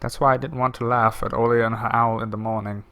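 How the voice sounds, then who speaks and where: A young man reading a horror game's text aloud in a theatrical way, with quick joking asides. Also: medium pitch, flat delivery, a bit bright, slight background noise. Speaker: gaming video creator.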